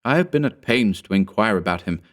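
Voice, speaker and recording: A man voicing a hesitant adult male friend who speaks with reluctance, pitched above his narration. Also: lively intonation, close to an everyday voice. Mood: uneasy. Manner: reluctant, measured.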